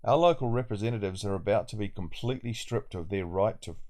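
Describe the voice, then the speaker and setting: A man's voice: lowish voice, quick pace, a little mellow. A man giving indignant video commentary, full of rhetorical questions. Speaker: political commentator.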